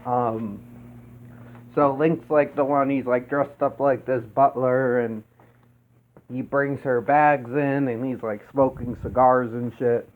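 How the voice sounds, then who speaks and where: A man's voice: mid-range voice, steady tone, slow pace. A man casually reviewing a movie, meandering with many fillers and restarts and swearing freely. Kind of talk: casual rambling film review. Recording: tinny phone-like sound with faint noise.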